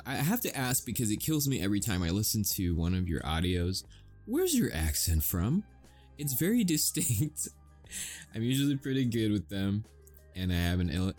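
A man's voice: low voice, a little mellow. An American man who makes audio roleplays, chatting casually and rambling to his listeners, swearing and chuckling often.

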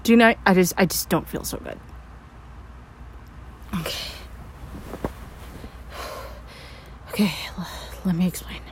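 A woman's voice: fairly low pitch, quick pace, background noise, natural voice. A woman playing a frantic young scientist in an audio role-play, stammering, breathless and swearing. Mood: panicked. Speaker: voice actor.

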